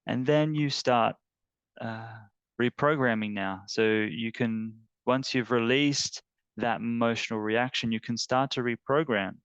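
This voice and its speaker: A man teaching an emotional tapping technique, talking in a halting, earnest way with many fillers. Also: medium pitch, a bit bright, smooth, dry recording, dull audio. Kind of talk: guided tapping demonstration.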